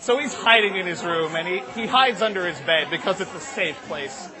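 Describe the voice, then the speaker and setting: A man's voice: sits high, a little fast, crowd noise. A young man telling a long comic story to a live audience, rambling with lots of fillers.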